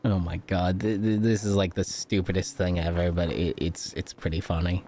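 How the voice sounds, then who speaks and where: A man's voice: sits low, little pitch movement, moderate pace, warm tone, a little hiss or hum. A young man chatting casually on a live stream, rambling and joking, swearing often and laughing a lot.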